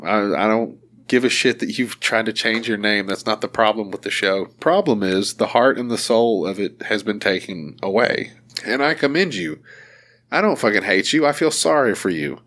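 A man's voice: lowish voice, animated, moderate pace, a bit bright. A man co-hosting a podcast, talking in crude, casual banter, swearing freely and mocking others. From Arkansas, United States. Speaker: podcast co-host.

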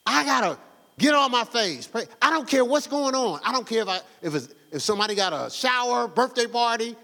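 A fervent male pastor preaching in a high, very animated voice, slangy and conversational as he exhorts his congregation. His voice rings in an echoey church hall. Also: fairly quick. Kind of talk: sermon.

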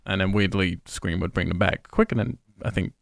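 Gravelly British man, London accent. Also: sits low, a little fast, no echo. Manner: rambling, reeling off film credits with dry laughs. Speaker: podcast co-host. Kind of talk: casual chat.

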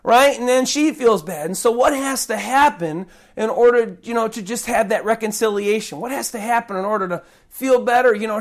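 Speaking at normal speed with few pauses, a very high-voiced man delivers a sermon passionately and conversationally. He adds folksy asides and occasionally performs prayers and other voices.

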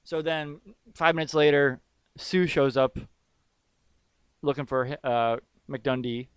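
A man's voice: medium pitch, takes it slowly, smooth, no echo. A man co-hosting a casual chat podcast, rambling through a movie's scenes with jokes and fillers. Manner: rambling, jokey, recaps scenes with lots of fillers. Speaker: podcast co-host.

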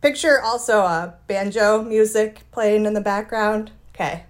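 A woman from rural northern Michigan leaving a recorded listener message, shy and a little halting. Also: medium pitch, steady tone. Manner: shy, self-deprecating, halting. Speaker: caller.

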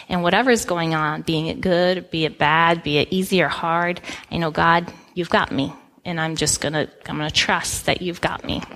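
A middle-aged woman pastor giving a sermon, telling a personal story in a relaxed, conversational way with frequent restarts. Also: lowish voice.

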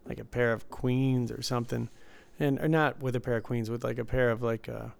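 A man's voice: medium pitch, steady tone, brisk, creaky. A man co-hosting a casual podcast, telling rambling stories and correcting himself as he goes. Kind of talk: casual chat.

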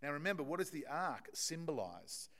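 A man's voice: fairly high pitch, sing-song, moderate pace, pushed and bright. Man preaching an emphatic, chatty sermon. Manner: conversational, emphatic, many restarts and fillers.

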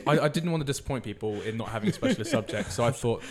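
A man's voice: mid-range voice, expressive, racing, crowd noise. A man, a podcast guest, answering quiz questions in casual banter, swearing freely and correcting the questions.

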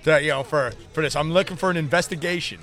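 A man's voice: a little high, fast talker. A man co-hosting a podcast, chatting and joking animatedly with friends over a restaurant table outdoors. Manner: animated, jokey, talks over others. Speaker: podcast co-host. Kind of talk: casual chat.

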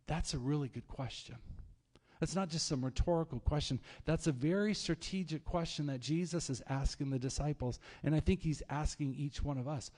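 A man preaching a sermon as pastor, telling stories in a lively, conversational way. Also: a little high, normal speed. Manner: storytelling, animated, conversational preaching. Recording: long hall reverb.

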